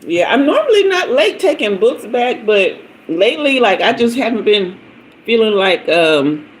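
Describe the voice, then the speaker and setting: A woman's voice: fairly high pitch, sing-song, moderate pace, slight background noise, poor audio. Chatty middle-aged woman, laughing. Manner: chatty storyteller, laughs often, greets commenters by name. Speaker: tarot reader hosting a livestream. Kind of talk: casual live-stream chat.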